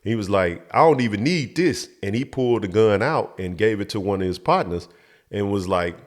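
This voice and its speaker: A man's voice: on the low side, normal speed, darkish tone. A man telling a personal childhood story in a casual, emotional way, acting out the voices of the people in it. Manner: emotional, acts out quoted voices.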